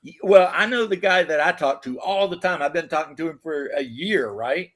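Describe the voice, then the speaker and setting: A man's voice: a little high, normal speed. An American man telling stories in loose, profane casual chat. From United States. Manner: animated storytelling, swearing. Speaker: podcast host.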